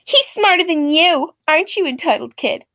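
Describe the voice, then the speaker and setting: A snooty entitled mother with a sharp, condescending voice that rises high and swings widely, as a woman acts her out. She sneers and dismisses everyone, dry and close to the mic. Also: lively intonation, normal speed, no echo, full character voice. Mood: haughty.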